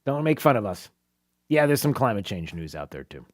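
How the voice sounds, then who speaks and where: A man's voice: lowish voice, very animated, brisk. A man hosting a talk radio show, giving mocking, opinionated commentary with frequent laughs and filler words. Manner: sarcastic, mocking, laughs often; many fillers and restarts.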